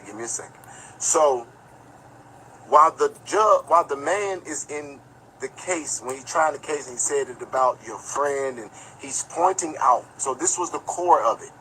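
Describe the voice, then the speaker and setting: A man's voice: fairly high pitch, animated, unhurried, long pauses, sharp tone, a little hiss or hum, poor audio. A man giving casual livestream commentary, telling a rambling, profane story and talking straight to his viewers. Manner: talks straight to viewers, reads chat aloud. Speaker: online commentator.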